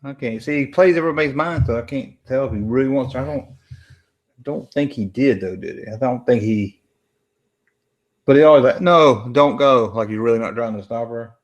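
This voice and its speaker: A man's voice: medium pitch, brisk, a little mellow. Laid-back man rambling late at night. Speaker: host of a late-night movie watch-along stream. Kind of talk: casual live commentary while reading chat. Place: home room, late at night.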